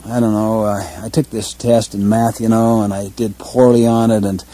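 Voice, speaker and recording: A man's voice: on the low side, flat delivery, dark tone, dry recording, natural voice, poor audio. A man voicing a hesitant college-age son who stammers and trails off. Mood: fretful. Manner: halting, stammering, unsure.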